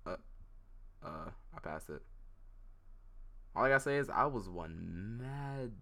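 Deep-voiced young man telling a rambling story. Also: lively intonation, takes it slowly, long pauses, pushed and bright. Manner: rambling, restarts often, acts out both sides of text exchanges. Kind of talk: casual storytelling chat.

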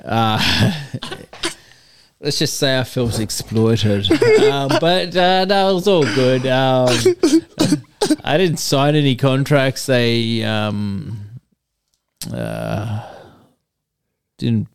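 A man, a podcast guest telling a story slowly and jokily, with many fillers. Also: mid-range voice, sing-song, vocal fry, clean tone, no room sound, clean studio sound. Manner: slow, hesitant, jokey storytelling with many fillers. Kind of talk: casual podcast chat.

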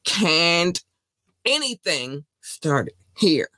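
A man's voice: on the high side, unhurried, a bit bright, no echo. A man from Baltimore with a Baltimore accent, hosting a podcast in a casual monologue, passionate and defiant, repeating his points. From Baltimore, USA. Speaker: podcast host.

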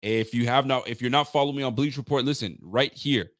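A man's voice: mid-range voice, quick pace, fairly bright tone, no room sound. A man in the middle of his own range hosts a live post-game stream, hyped and rambling, throwing trash talk at the rivals. He sounds tired and talks into a close mic in a dry, dead room. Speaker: sports fan channel host.

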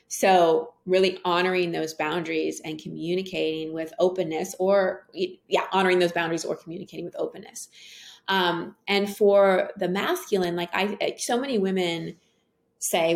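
Woman guest, low gravelly voice, earnest and animated storyteller. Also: normal speed. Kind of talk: casual interview conversation.

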